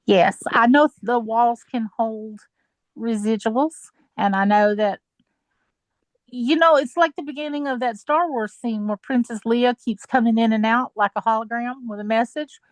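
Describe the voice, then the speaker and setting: Give me a talkative older woman sharing stories, slightly high voice, dry recording. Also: normal speed, no room sound. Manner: chatty, laughs easily, tells long stories. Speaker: guest sharing experiences. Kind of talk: casual chat.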